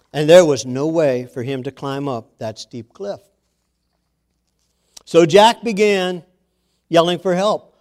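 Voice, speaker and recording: A man preaching a sermon, telling a story and then speaking earnestly and quietly to his listeners. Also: fairly high pitch. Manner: slow, earnest, softening into quiet intimate tones.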